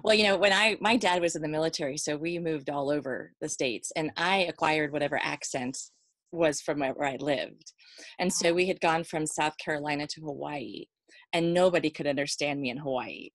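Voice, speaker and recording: A woman's voice: deep voice, fairly quick, no room sound. A woman co-hosting a podcast, joking playfully in casual studio chat. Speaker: podcast co-host.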